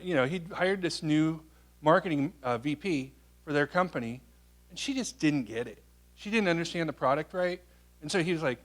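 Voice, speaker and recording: A man giving a public talk, answering an audience question with a lively story. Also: fairly high pitch. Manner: animated storyteller, quotes people in their voices. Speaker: guest speaker.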